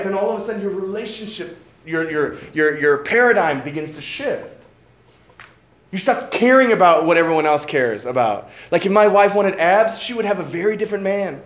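A young adult man preaching a sermon in a casual, conversational way, with joking asides and frequent checks of "right?". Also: high voice. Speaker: pastor. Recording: roomy hall sound, faint background noise.

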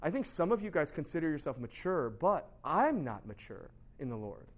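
A man giving a casual, animated sermon as a pastor, often asking "right?" and laughing at himself. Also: fairly high pitch, moderate pace. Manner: chatty, animated, constant rhetorical "right?"; laughs at himself, shouts for emphasis.

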